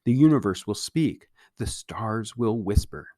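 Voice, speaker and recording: Whimsical teenage girl voiced by a man, soft, unhurried, dreamy, storybook reading, dry close sound. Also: lowish voice, expressive, dry recording.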